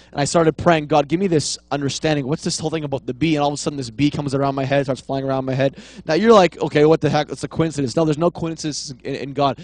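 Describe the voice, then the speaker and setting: A man's voice: on the high side, no echo. A man in his thirties preaching a sermon, telling a long anecdote with many restarts and fillers. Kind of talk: sermon storytelling.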